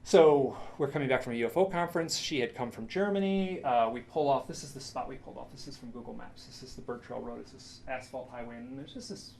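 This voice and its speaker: Man, gravelly voice, mid pitch, lecture with slides, rambling and enthusiastic. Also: fast talker, hardly any pauses, a little mellow, slight background noise. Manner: enthusiastic, rambling storyteller with many restarts.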